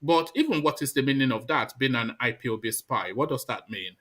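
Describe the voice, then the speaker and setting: A man's voice: medium pitch, animated, brisk, a bit bright. A man hosting a live talk discussion, teasing callers and talking over them with stammered repeats. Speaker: host.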